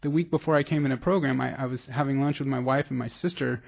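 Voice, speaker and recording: A man's voice: medium pitch, fairly even intonation, quick pace, creaky, muffled recording. A man from the San Francisco Bay Area telling his recovery story in a rambling, self-deprecating way, with many restarts. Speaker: recovery meeting speaker. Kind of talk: personal testimony.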